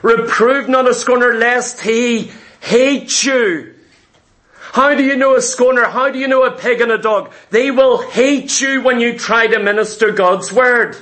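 A man preaching a sermon, emphatic, firing rhetorical questions and slowing down on key words. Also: extremely high pitch, fairly bright tone. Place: church.

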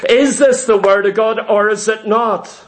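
A man's voice: high-pitched, fairly even intonation, normal speed. A man preaching a sermon to his congregation, emphatic and repetitive, asking many rhetorical questions.

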